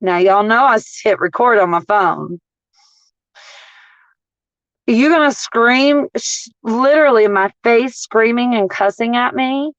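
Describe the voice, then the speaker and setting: A fairly high-voiced woman rants bluntly in a casual livestream, swearing freely and acting out her stories with animation. The sound is dry and a little dull. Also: measured pace, dry recording. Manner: blunt, profane, animated storytelling. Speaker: couponing vlogger.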